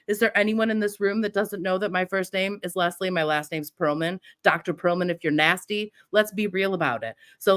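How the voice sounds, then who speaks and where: A woman's voice: medium pitch, fairly bright tone. A middle-aged woman hosting a livestream, ranting with defiant profanity and mocking imitations of her critics. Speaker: livestream host. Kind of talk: heated livestream rant.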